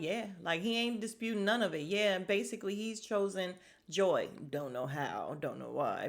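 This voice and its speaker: A young woman from Chicago hosting a podcast, giving a blunt, sassy recap of a reality dating show and talking straight to her listeners. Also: mid-range voice. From Chicago, USA. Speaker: podcast host.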